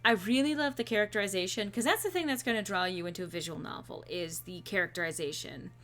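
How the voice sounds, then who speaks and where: A woman's voice: mid-range voice, fast talker, fairly bright tone. A woman streaming a game and chatting casually with a co-host and viewers, playful and full of fillers.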